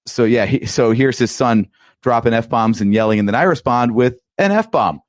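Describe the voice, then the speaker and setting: A man in his late forties, a podcast co-host, reminiscing in relaxed, rambling casual chat. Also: medium pitch, moderate pace, no echo, clean studio sound.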